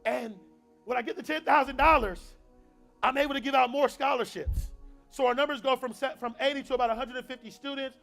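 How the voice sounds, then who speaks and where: A man's voice: very high voice, fairly even intonation, fast talker, creaky, fairly bright tone, soft background music. A young man giving a motivational talk at a university event, with a call-and-response preaching rhythm. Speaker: motivational speaker.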